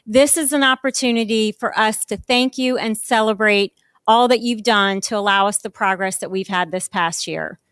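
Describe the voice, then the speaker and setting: A woman's voice: medium pitch, moderate pace, a bit bright, clear, resonant tone, dry recording. A woman co-hosting a live charity gala, thanking supporters in a cheerful, encouraging way.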